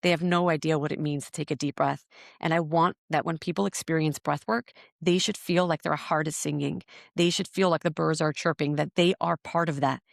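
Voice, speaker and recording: A woman with a low, gravelly voice speaks briskly and with fairly even intonation. As a podcast guest and breathwork teacher, she narrates her story in a searching, earnest manner, repeating words as she thinks, in a reflective interview format. The recording is dry and studio-clean.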